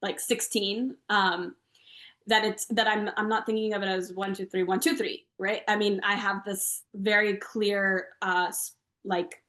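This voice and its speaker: A guest composer and Carnatic singer speaks a little slowly in a mid-range voice, walking through her music conversationally in an interview. She chants rhythm syllables and counts out beats. She's on a video call from a room with a noticeable echo.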